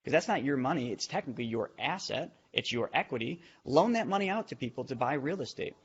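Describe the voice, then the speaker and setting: A man with a husky voice who talks very fast, rushing through explanations and tangents. The sound is dull and muffled, like podcast audio with the top end shaved off. He keeps pushing his points with energy. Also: medium pitch, animated. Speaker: real estate investor and teacher. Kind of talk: podcast discussion.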